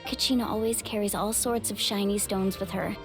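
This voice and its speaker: A woman's voice: medium pitch, steady tone, fairly quick, music in the background, close to an everyday voice. An actress voicing a determined young woman in a video game, who speaks in an earnest and direct way.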